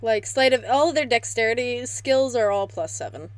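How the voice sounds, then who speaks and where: A woman playing a tabletop game on a live stream, talking brashly and excitably and swearing freely. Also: a little high, normal speed, no room sound. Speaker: player.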